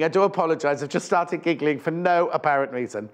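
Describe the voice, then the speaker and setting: Chatty man, fairly high voice. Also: fairly quick. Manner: chatty, rambling, self-correcting. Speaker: shopping channel presenter. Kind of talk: live TV selling chat. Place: TV studio.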